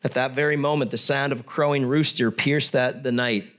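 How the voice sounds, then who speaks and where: A man's voice: medium pitch, fairly even intonation, fairly quick, fairly bright tone. A middle-aged man preaching a sermon, reading scripture aloud and adding conversational, joking asides. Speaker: pastor.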